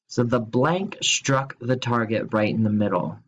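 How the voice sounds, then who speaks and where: A man with a mid-range, slightly bright voice teaches grammar remotely in a recorded lesson from his computer. He explains slowly, spells out words, and keeps things light with jokes and playful quiz questions, though the recording is rough.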